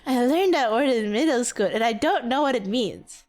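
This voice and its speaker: A woman streaming a game and chatting casually, expressive and exclamatory, laughing often. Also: on the high side, moderate pace. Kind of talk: casual livestream commentary. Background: game music.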